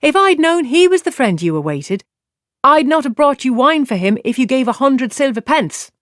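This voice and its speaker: A man voicing a protective young serving woman in an audiobook, pitched up, firm yet pleading. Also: very animated, moderate pace, a bit bright, dry recording, clean studio sound, exaggerated voice. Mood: indignant. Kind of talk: audiobook character voice.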